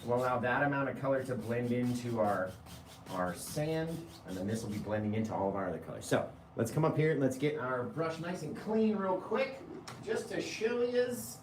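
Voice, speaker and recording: A man hosting a live painting tutorial, chatty, laughing easily and often checking in with a quick "right?". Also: medium pitch, lively intonation, echoey room, slight background noise. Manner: chatty, keeps asking "right?"; laughs easily while talking. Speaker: painting instructor.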